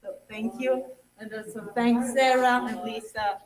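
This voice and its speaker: A woman's voice: a little high, steady tone. A young woman teacher, close to tears, hesitantly thanks her students and colleagues. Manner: halting, many fillers, trails off. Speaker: young substitute English teacher. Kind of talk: emotional thank-you speech. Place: school assembly hall. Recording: distant mic in a hall.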